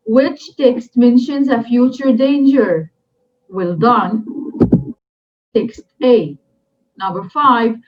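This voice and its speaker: Slow, deliberate woman teaching vocabulary. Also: on the high side, slight background noise. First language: Arabic. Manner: slow and deliberate, repeats each vocabulary word three times for drilling. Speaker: English teacher. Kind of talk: recorded classroom lesson. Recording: dull lo-fi recording.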